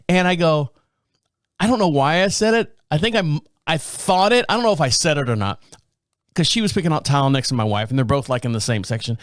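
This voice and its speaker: A male podcast host telling a story in a casual, animated way, chuckling and acting out what people said. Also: a little high, brisk, no room sound. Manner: animated, chuckling, acts out quotes.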